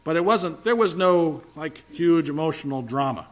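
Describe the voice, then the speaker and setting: A man's voice: a little high, expressive, normal speed, dull audio. An older male pastor preaching a sermon in a conversational, emphatic way, with asides to the congregation.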